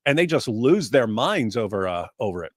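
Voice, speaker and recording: A man co-hosting a podcast in casual chat, animated and sarcastic, with stammering restarts. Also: medium pitch, moderate pace, no room sound, studio quality.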